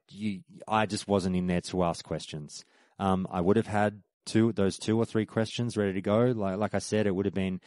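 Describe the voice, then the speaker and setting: A man's voice: fairly low pitch, a little mellow, no echo. An Australian man hosting a podcast, telling a rambling, conversational story with frequent restarts. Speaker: podcast host. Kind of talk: casual storytelling recap.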